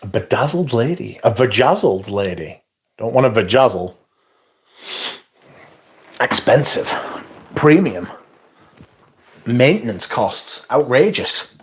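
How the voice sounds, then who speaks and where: A man's voice: mid-range voice, darkish tone. A man hosting a casual livestream, rambling with crude, profane jokes and reading out viewer comments. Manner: rambling, crude, profane and jokey, with frequent restarts. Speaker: livestream host reviewing fragrances.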